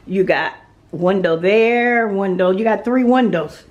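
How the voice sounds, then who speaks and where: A woman's voice: mid-range voice, measured pace, darkish tone, dull audio. A Southern American woman giving a chatty home-tour vlog, talking straight to her viewers with frequent laughs, filmed on a handheld camera inside a show home. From Mississippi, USA. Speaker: vlogger. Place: indoors in show manufactured homes. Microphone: handheld phone camera, later a small tripod.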